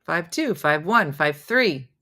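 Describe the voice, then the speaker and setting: Low in pitch and slow in pace, a middle-aged woman hosts a laid-back morning chat show and reads out viewer comments. She shares family stories animatedly, giving voice to each person she describes.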